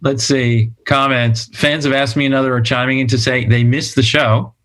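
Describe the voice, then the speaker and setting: A man's voice: medium pitch, little pitch movement, moderate pace, a bit bright. Chatty man hosting over a video call. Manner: chatty, laughs easily, reads out comments. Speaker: host. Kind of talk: casual chat.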